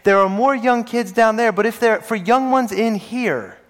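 A man preaching a sermon in a church service, telling a story in an animated way with playful asides. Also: high-pitched, normal speed. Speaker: pastor.

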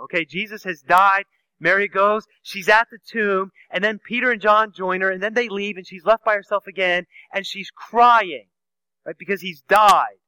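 A man preaching a sermon, asking the listeners rhetorical questions and swinging from a soft hush to loud emphasis. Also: high-pitched, clear, resonant tone, no echo, low-quality recording.

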